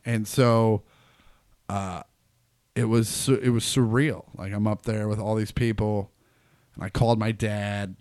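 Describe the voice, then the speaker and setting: A man, a comedian guest, tells a story in relaxed chat. He acts out the people in it with sudden loud bursts. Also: fairly low pitch, measured pace, pauses often, clean tone. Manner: animated, acts out quotes loudly. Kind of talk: casual storytelling.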